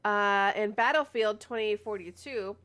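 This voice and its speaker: A woman co-hosting a casual gaming news chat, chatty and giggly with quick asides. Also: mid-range voice, fairly bright tone. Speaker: podcast co-host.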